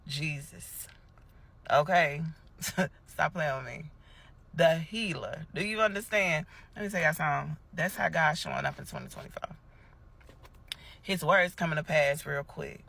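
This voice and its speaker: A woman's voice: deep voice, creaky, fairly bright tone, husky. A woman giving a casual spoken testimony, telling the story in a preachy way and acting out each person's words. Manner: preachy storytelling, acts out dialogue. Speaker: Christian testimony vlogger.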